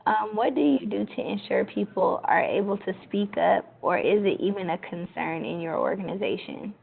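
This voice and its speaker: Gravelly woman interviewer on a phone line. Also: mid-range voice. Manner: casual, asks questions slowly from a list. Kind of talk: reading interview questions on a phone call.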